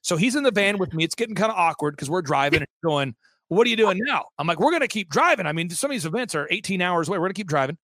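A man with a high voice tells an animated anecdote as an interview guest. He acts out the people he quotes and restarts his sentences often. The sound is dry and close. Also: very fast, hardly any pauses, no echo. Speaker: interview guest, event organizer. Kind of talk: fast storytelling anecdote.

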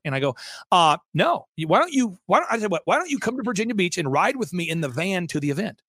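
A man, a guest on an interview show, telling an animated story and acting out the voices of people he quotes, with many restarts. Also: high-pitched, fast talker, slightly rough, dry recording, studio quality. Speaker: interview guest, event organizer. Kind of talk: fast storytelling anecdote.

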